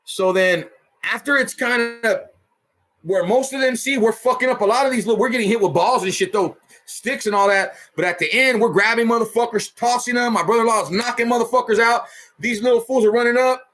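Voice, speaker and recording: Dude with a kinda high voice telling a wild story, cussing nonstop, bam boom sound effects. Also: male voice, brisk. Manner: profane street slang, lively retelling with sound effects. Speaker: storyteller host. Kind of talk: casual storytelling.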